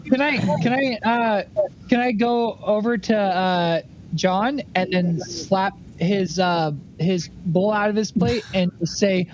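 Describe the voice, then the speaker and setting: A man playing a tabletop game, loud and profane with animated delivery. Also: high voice, slow pace, a little hiss or hum. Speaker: player. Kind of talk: tabletop role-play chat. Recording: dull lo-fi mic.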